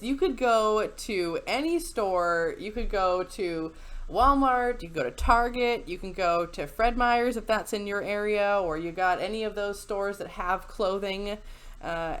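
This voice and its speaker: A woman's voice: mid-range voice, fairly bright tone. Sarcastic woman laughing through commentary. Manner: sarcastic and incredulous, laughs often. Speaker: YouTube commentator. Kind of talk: casual reaction commentary.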